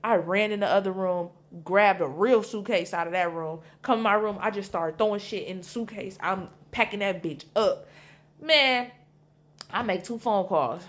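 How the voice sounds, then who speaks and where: A woman telling a personal story in a casual storytime, animated and blunt, swearing freely. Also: medium pitch, moderate pace.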